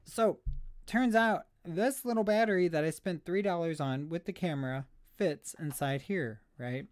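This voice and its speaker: Slightly breathless, a man with a fairly high voice talks about thrift finds on a live stream at a moderate pace. He rambles and pokes fun at himself in this casual chat, and the recording is dry.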